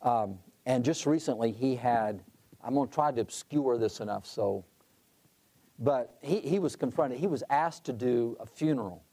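A man's voice: mid-range voice, moderate pace, mellow. A middle-aged man talking about leadership in a conversational way, telling a story with asides and restarts. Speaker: conference president speaking on leadership.

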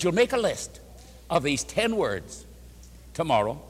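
A man's voice: a little high, sing-song, a little slow, slightly rough. An older man, a pastor, preaching a sermon to an audience, telling a story and repeating phrases with strong emphasis. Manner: emphatic, repeats phrases for rhythm, acts out quoted speech. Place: church or meeting hall before an audience. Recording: hall with long reverb.

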